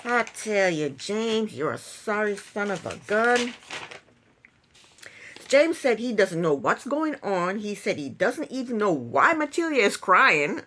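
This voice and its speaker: A woman's voice: medium pitch, big pitch swings, slow pace, fairly bright tone. A woman giving a casual, sarcastic recap of a reality show, laughing often. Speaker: TV recap youtuber.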